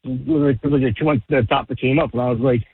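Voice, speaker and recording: A man's voice: mid-range voice, fairly even intonation, a little fast, husky, dry recording. A man calling in to a radio show, telling a rambling story with many fillers and restarts. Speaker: caller. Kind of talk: phone call into radio show. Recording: tinny phone line.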